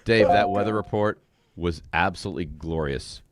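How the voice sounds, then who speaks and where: A man's voice: deep voice, moderate pace, no room sound, studio quality. A man co-hosting sports talk radio, bantering and teasing in a playful way. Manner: playful, repeats a catchphrase for laughs, reads live sponsor reads.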